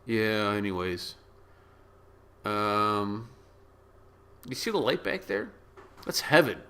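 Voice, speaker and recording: A man hosting a reaction video, rambling and joking in a casual way, now and then bursting into loud shouts. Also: on the low side, very animated, takes it slowly, creaky, clear, resonant tone. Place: small room with yellow walls.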